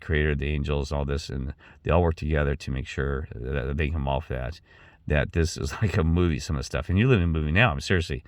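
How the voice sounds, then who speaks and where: A man's voice: rumbling low, clear, resonant tone, dry recording, clean studio sound. A middle-aged man talking in a rambling personal monologue, repeating himself and restarting often. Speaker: channel host.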